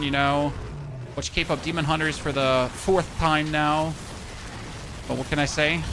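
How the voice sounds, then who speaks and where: A man's voice: mid-range voice, noisy background. A man with a German accent chatting casually to his live-stream audience while he plays, rambling, swearing and laughing at himself. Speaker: game streamer.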